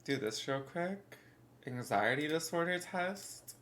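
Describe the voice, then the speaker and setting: A woman's voice: deep voice, expressive, takes it slowly, a little hiss or hum. A young woman in her twenties, a bit congested, rambling casually as she answers her livestream chat.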